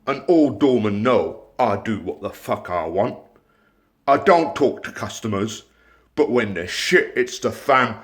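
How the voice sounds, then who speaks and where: Man doing a defiant, swaggering Bristol-accented doorman, sullen low drawl; pitched a bit under his own voice and set back from the mic.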